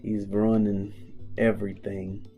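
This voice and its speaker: A man chatting casually on a game development stream, telling animated stories and laughing often. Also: on the low side, takes it slowly, creaky, narrow, tinny audio, soft background music. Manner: animated storyteller, acts out voices, laughs often.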